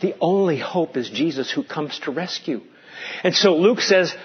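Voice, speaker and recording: Husky earnest preacher, man. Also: fairly high pitch, expressive, lo-fi sound. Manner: earnest preaching, stretching key words slowly. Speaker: pastor. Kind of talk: sermon.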